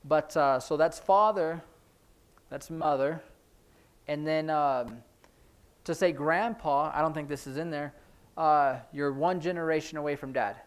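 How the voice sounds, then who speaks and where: A man's voice: on the high side, measured pace, pauses often, clean tone. A man teaching a casual sign language class in a church, explaining signs in a chatty, informal way with many fillers.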